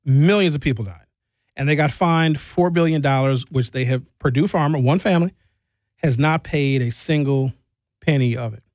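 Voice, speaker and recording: A man giving an animated, emphatic commentary monologue with big jumps in emphasis. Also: moderate pace, dry recording. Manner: animated, emphatic, jumping pitch.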